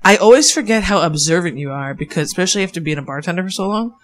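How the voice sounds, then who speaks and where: A woman's voice: fairly low pitch, lively intonation, quick pace. A woman in casual chat, teasing her partner and chiming in as the story is told.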